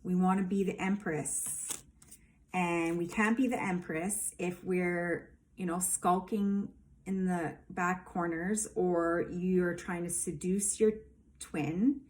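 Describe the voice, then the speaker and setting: A woman's voice: fairly low pitch, steady tone, slow, a little mellow, a little hiss or hum. A woman giving a casual tarot reading, emphatic and rambling, with lots of fillers. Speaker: tarot reader.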